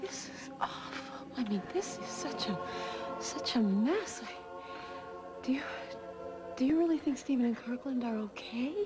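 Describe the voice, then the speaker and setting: A hushed, awed woman's spirit. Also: sits high, lively intonation, measured pace. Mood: anxious. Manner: hushed, often whispering, wondering. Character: woman's spirit, invisible, back home, awed. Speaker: soap opera character. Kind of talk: daytime soap acting. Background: score music.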